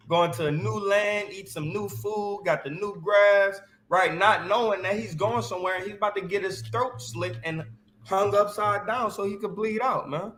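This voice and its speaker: A man hosting a casual Bible discussion, slangy and animated, constantly checking in with "right?". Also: sits high, echoey room, a little hiss or hum.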